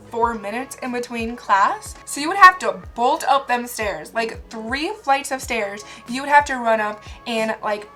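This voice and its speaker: A young woman vlogger, her voice on the high side, bright and forceful, tells funny stories about herself straight to camera. She's chatty and laughs often.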